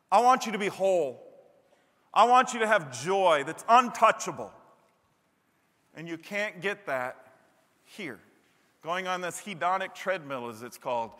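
A man preaching a sermon, animated, breaking into loud high-pitched bursts when he acts out what people say. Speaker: pastor. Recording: long hall reverb.

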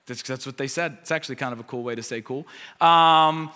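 Bright-voiced American man preaching in a reverberant hall. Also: medium pitch, brisk, clear, resonant tone. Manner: conversational preaching with repeated key phrases; self-deprecating humor. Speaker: pastor. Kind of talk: sermon.

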